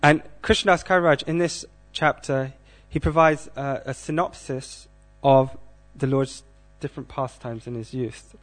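A man giving a scripture class, speaking in a measured way and asking the audience questions. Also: medium pitch, steady tone.

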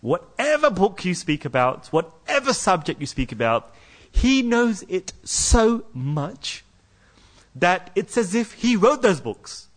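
A man voicing a bewildered male scholar who is humbled and awed by his opponent, in low, subdued musing. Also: very animated, slow pace, full character voice.

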